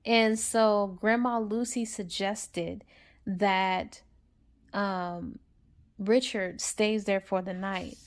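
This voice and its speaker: A woman's voice: medium pitch, fairly even intonation, drawn-out words. A woman casually retelling a novel's plot for a book review, in a rambling, chatty way.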